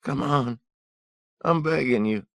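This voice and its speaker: A man's voice: mid-range voice, slow, gravelly, a bit bright, dry recording, voice pushed up. A man doing a begging starving thief. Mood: desperate pleading. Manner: begging, pleading. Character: starving male thief, pleading, desperate.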